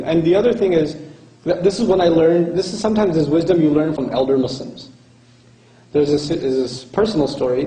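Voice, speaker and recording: A man giving a lecture and answering audience questions, telling stories with lively acted-out dialogue. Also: mid-range voice. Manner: lively storytelling, acts out quoted dialogue. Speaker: speaker. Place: hall with audience. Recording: echoey hall.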